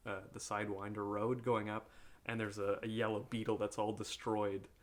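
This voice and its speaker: A man's voice: fairly low pitch, flat delivery, normal speed. A man from upstate New York co-hosting a film podcast in casual chat, rambling and profane and laughing often. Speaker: podcast co-host.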